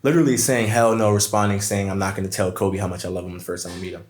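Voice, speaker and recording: A man's voice: low voice, rapid-fire. A man from Brooklyn, a podcast guest telling stories in casual chat and acting out what others said. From Brooklyn, New York. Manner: animated storyteller, acts out quotes. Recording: echoey room.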